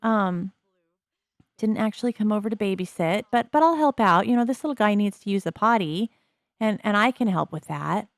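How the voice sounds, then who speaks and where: A woman's voice: mid-range voice, lively intonation, normal speed, no echo, studio quality, natural voice. A woman voicing an awkward, shy young woman in a life-simulation game, stammering and apologetic.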